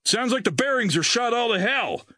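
A man's voice: extremely high pitch, very animated, normal speed, sharp tone, no room sound, clean studio sound, voice pushed up, heavily acted. A man voicing a young male helicopter crewman who sounds strained and anxious.

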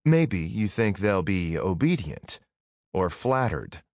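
A man's voice: deep voice, big pitch swings, slow, darkish tone, dry recording, clean studio sound, full character voice. A man voicing a brash young woman fighter in an audiobook, mocking and cutting. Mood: taunting.

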